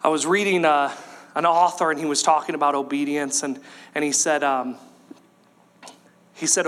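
A man preaching a sermon, animated, acting out voices from the story and at times rising to a shout. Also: a little high, normal speed, long pauses, clear, resonant tone. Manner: animated, acts out voices of Bible figures, rises to shouts. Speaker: pastor.

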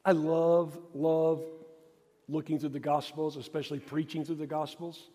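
A male pastor with a high voice preaches a sermon, repeating phrases and pressing hard on key points before dropping quiet. His voice rings out with a long reverb, as in a large hall. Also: little pitch movement, moderate pace. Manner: emphatic and repetitive, rising to stress points, then dropping quiet.

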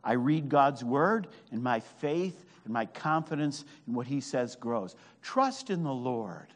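A man preaching a fervent sermon at a camp, swinging from hushed words to shouted, drawn-out emphasis. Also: on the high side, lively intonation. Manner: draws out key phrases slowly. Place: meeting hall at a camp. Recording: long hall reverb.

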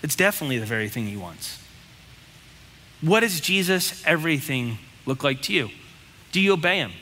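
A man's voice: on the high side, sing-song, normal speed, pushed and bright, in a large hall. A man preaching a sermon as pastor, talking bluntly and conversationally, with lots of rhetorical questions.

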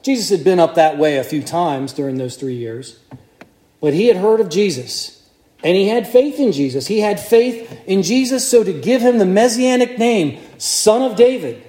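A man's voice: high voice, expressive, normal speed, warm tone, echoey room. A man preaching a sermon to a congregation in a conversational way, putting questions to his listeners. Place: church.

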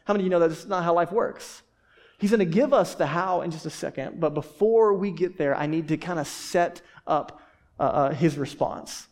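A man's voice: high voice, normal speed. A man preaching a sermon to a congregation in a casual, conversational way, asking rhetorical questions and often restarting his words. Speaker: pastor.

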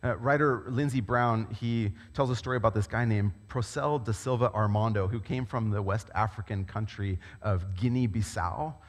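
A man preaching a sermon as a pastor, talking in a conversational, animated storytelling way. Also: fairly low pitch, moderate pace, hardly any pauses. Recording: long reverb of a large hall.

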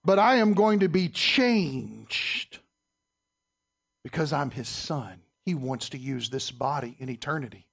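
A man preaching a sermon in church, quizzing his listeners and swinging between loud and soft. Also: medium pitch, animated, unhurried, creaky, husky. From Southern United States. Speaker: pastor.

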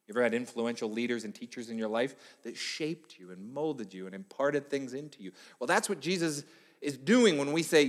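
A man's voice: mid-range voice, expressive, fairly quick. A man preaching a sermon in a church hall, telling stories with animation and acting out the people he quotes. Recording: long hall reverb.

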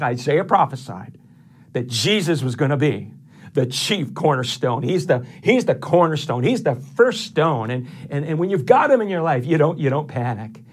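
A man's voice: mid-range voice, animated, normal speed, breathy edge. A middle-aged male pastor preaching a sermon, stressing each numbered point with repetition.

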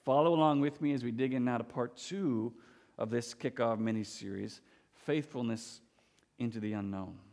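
A man's voice: medium pitch, normal speed, darkish tone. A young man preaching a sermon as pastor, earnest and emphatic, often restarting his words. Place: church sanctuary. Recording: long church hall reverb.

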